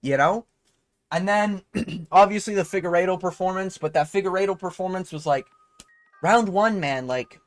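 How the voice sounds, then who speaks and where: Fired-up young man ranting with fillers. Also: high voice. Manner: profane, fired-up, full of fillers. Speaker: commentary vlogger. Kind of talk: casual rant.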